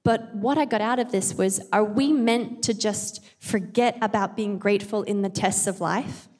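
A woman's voice: mid-range voice, moderate pace, a little mellow. A mother giving an earnest, chatty Bible devotional talk with self-aware asides. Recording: long hall reverb.

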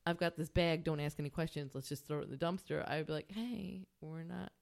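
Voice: medium pitch, fairly even intonation, fast, clear, resonant tone. A podcast co-host telling an anecdote in a casual, sarcastic way, acting out quoted lines. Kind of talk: casual storytelling.

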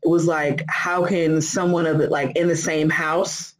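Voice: medium pitch, level tone, a little slow, poor audio. A co-host casually talking over scripture, reasoning aloud with fillers and questions. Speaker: podcast co-host discussing scripture. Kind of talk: casual Bible discussion chat.

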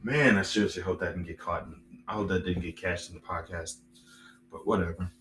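A man's voice: sits low, fairly even intonation, fairly quick, a bit bright, a little hiss or hum, poor audio. A young man hosting a solo podcast, rambling and repeating himself with lots of fillers. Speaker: podcast host.

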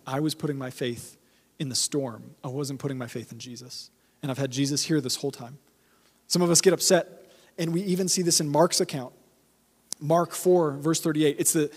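A man's voice: a little high, long reverb tail. A man preaching a sermon as pastor, conversational and emphatic, repeating key phrases for weight.

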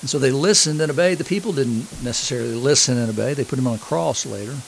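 Male pastor, middle pitch, some vocal fry, teaching sermon that reads scripture and asks the congregation questions. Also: quick pace, slight background noise, rough recording. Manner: reads scripture aloud and explains it. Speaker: preacher.

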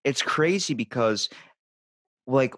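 A man's voice: mid-range voice, expressive, slow, fairly bright tone, dry recording. A man hosting a podcast, chatting casually and telling rambling anecdotes, swearing freely as he goes. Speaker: podcast host. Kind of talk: casual conversational chat.

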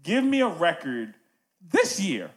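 A man's voice: fairly high pitch, huge pitch swings, takes it slowly. A man hosting a casual music podcast, talking animatedly and checking in with "right?" asides.

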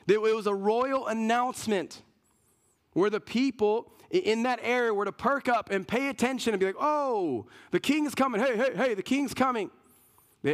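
A male pastor preaching a sermon in an earnest, emphatic way, often repeating words and restarting his sentences. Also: sits high.

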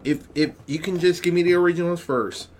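A man's voice: fairly high pitch, a little fast. A man co-hosting a podcast in casual chat. He reads out listener comments in a laid-back way and swears freely. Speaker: podcast co-host.

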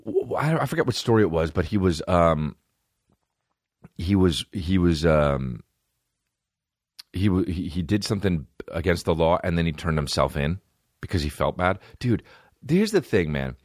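Male podcast host, low-pitched, swears a lot, rambles through comic rants, dry sound. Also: moderate pace, long pauses, dry recording. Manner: profane, rambling, animated rants. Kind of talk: rambling comedic monologue.

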